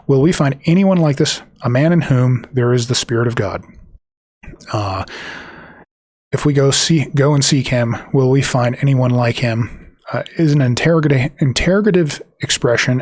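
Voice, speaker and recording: A man reading scripture aloud and explaining it, talking haltingly with many fillers and restarts, and reading the quoted passages quicker than his own remarks. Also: medium pitch, no echo, clean studio sound. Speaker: Bible teacher.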